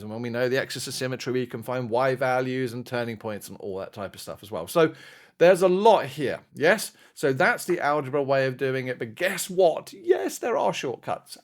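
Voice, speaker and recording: A man with an Australian accent works through algebra as a maths teacher, his voice rising and falling in a lively, animated way. He keeps things chatty and encouraging, often checking in with viewers to make sure they are keeping up. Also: mid-range voice. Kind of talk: explaining algebra on a whiteboard.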